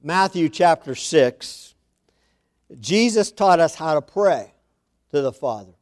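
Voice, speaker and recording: A man's voice: a little high, expressive, slow pace, a little mellow, no room sound, studio quality. A man preaching a sermon, reading scripture aloud and pressing his points with repeated phrases and questions to the congregation. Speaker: pastor.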